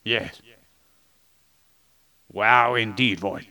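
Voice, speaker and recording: A man's voice: fairly low pitch, extremely slow, vocal fry, bright, forceful tone, no echo. A man co-hosting a podcast in casual chat, explaining history with goofy jokes along the way. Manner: jokey, goofy asides. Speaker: podcast co-host. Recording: poor audio quality.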